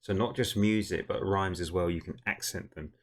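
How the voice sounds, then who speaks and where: A man from the UK talks his viewers through a clip in an easy, amazed way. He calls them "guys" and laughs often. His voice sits on the low side. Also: fairly even intonation, normal speed. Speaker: reaction channel host. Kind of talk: casual reaction commentary.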